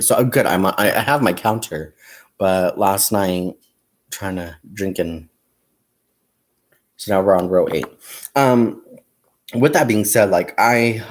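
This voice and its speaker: A young man with a deep voice hosts a casual crafting livestream, counting stitches aloud as he crochets. He tells stories with lots of laughter and calls his viewers "you guys" and "y'all."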